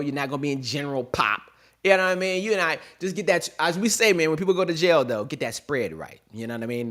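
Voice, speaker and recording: A man's voice: a little high, fairly bright tone. A young man hosting his own comedy podcast, riffing loosely in slang and laughing at his own jokes. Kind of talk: casual comedic monologue.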